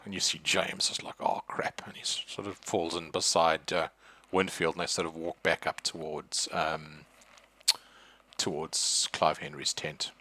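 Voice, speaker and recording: A man's voice: very deep voice, flat delivery, measured pace, sharp tone. A man narrating as game master, loose and hesitant with many fillers. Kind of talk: narrating a tabletop horror game.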